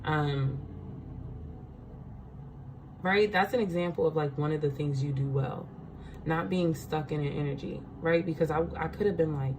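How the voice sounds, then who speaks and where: A woman's voice: deep voice, brisk, a little mellow, a little hiss or hum, poor audio. A woman giving a casual spiritual card reading, chatty, laughing often and checking in with her listeners.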